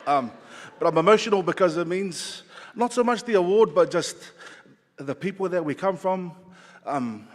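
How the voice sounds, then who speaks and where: A man's voice: sits high, lively intonation. Choked-up man accepting an award. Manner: halting, teary, self-deprecating, many ums. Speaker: award recipient, choir director. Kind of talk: emotional acceptance speech. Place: large awards venue. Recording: long hall reverb.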